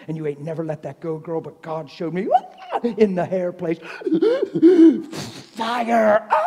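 A man preaching a sermon in a church, telling a story with lively acted-out dialogue. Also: fairly high pitch, gravelly, husky. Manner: storytelling, animated, acts out dialogue. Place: church hall. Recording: long reverb in a church hall.

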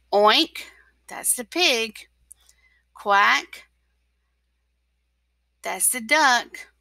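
A teacher reads a storybook aloud to young children, very slow and full of expression, now and then dropping into a whisper. Her voice is bright and fairly high, picked up close in a dry room. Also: gravelly, no echo.

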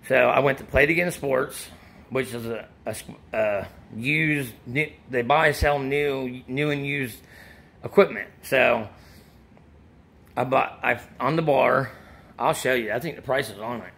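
Still breathless from training, a middle-aged supplement-advice vlogger rambles through a casual chat about workout gear and supplements, often restarting what he's saying. He speaks a little slowly in a mid-range, gravelly voice with a bit of brightness.

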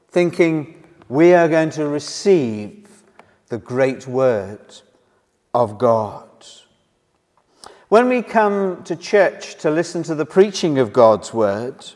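Slow, earnest preacher man in a church hall. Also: on the high side. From Wales. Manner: slow, earnest, rising and falling emphasis. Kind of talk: sermon.

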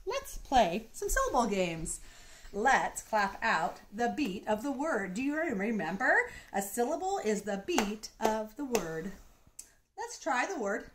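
A woman preschool teacher talks to small children in a lively, swooping voice that sits fairly high. She speaks slowly and clearly, with a bright, encouraging sing-song manner. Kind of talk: children's lesson.

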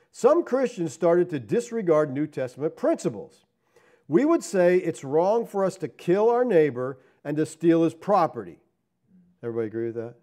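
Male pastor, sermon, animated preaching, rhetorical questions, lively rising pitch, mellow tone. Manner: swings between loud emphatic lines and low asides.

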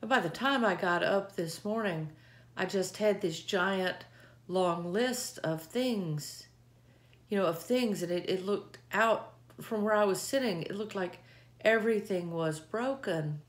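A woman speaking in an earnest, heartfelt way, giving a reflective devotional talk with scripture readings, often pausing and restarting. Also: mid-range voice. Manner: earnest, heartfelt, halting with pauses.

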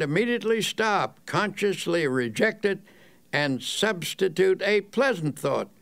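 A man narrates a self-help audiobook at an unhurried, slow pace, his voice fairly high for a man and carrying a gravelly edge. Under the grit the tone stays smooth and resonant. He reads earnestly and deliberately, leaning on the key words. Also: fairly bright tone.

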